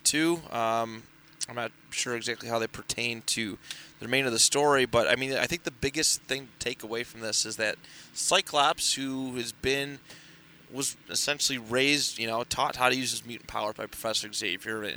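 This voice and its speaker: A man's voice: mid-range voice, fairly quick, pushed and bright, a little hiss or hum. A man co-hosting a podcast in casual chat, recapping a story in a rambling way, full of fillers and restarts. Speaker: podcast co-host reviewing comics.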